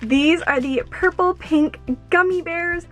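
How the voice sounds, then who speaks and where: A young woman unboxing earrings at home, gushing and excitable, exclaiming often. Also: very high voice, slow, faint music behind. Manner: gushing, excitable, fillers like "oh my gosh". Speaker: YouTuber. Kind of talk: unboxing vlog.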